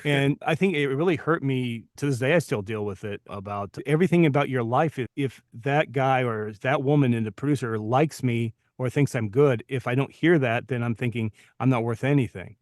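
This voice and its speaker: A man in his fifties, co-host of a podcast, telling stories from his acting career in a relaxed, reflective way. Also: mid-range voice, normal speed, hardly any pauses, no room sound, clean studio sound. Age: 50s. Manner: storytelling, reflective. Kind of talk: casual podcast chat.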